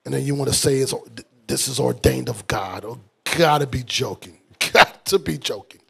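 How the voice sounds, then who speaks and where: A man's voice: medium pitch, normal speed, creaky, pushed and bright, breathy edge. A man preaching as a bishop in a fiery, mocking, blunt sermon style. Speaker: bishop and teacher.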